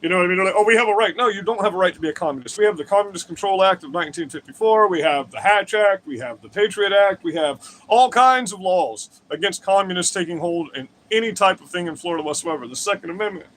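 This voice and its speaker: A man's voice: high-pitched, fast talker, hardly any pauses, a bit bright, slight background noise. A man hosting a livestream, ranting crudely and combatively to his chat, swearing often and wandering off on digressions. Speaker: livestream host. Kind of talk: profane political rant to live chat.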